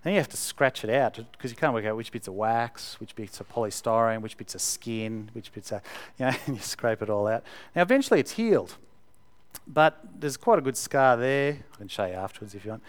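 A man giving a sermon in a relaxed, conversational way, with fillers, repeated words and emphatic stresses. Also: mid-range voice, brisk. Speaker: preacher.

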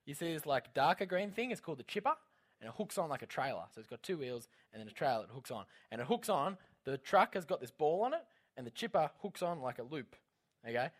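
A young man giving a casual, animated youth talk as a youth leader. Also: a little high. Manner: casual storytelling, lively and animated.

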